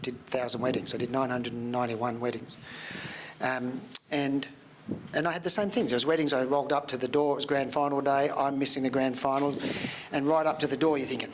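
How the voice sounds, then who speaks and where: A man's voice: medium pitch, background noise. A man, a veteran wedding photographer, telling stories in an easygoing way on a panel. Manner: easygoing storyteller. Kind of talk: reflective panel talk.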